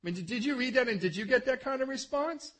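A man preaching a relaxed, conversational sermon, his voice pitched high for a man and somewhat husky. He tells the story in a chatty way and keeps asking his listeners rhetorical questions. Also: quick pace.

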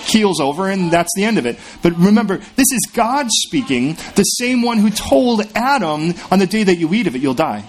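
A man's voice: sits high, big pitch swings, moderate pace, hardly any pauses. A man preaching a sermon in a conversational, storytelling way, acting out the voices in his anecdotes. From California. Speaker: pastor.

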